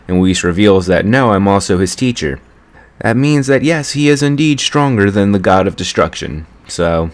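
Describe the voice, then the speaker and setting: A young man with a very deep, low-pitched voice talks through a casual episode recap. He rambles in a chatty way and often stops to correct himself. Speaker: anime reviewer.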